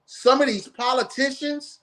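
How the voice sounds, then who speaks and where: A man's voice: extremely high pitch, steady tone, a little slow, fairly bright tone. A man hosting a live podcast stream, ranting bluntly and profanely in heated commentary. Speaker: podcast host.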